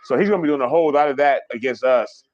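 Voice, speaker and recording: A man hosting a casual livestream, chatting fast and rambling, swearing freely as he reads viewer comments. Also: medium pitch, darkish tone, dull audio, slight background noise. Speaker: livestream host.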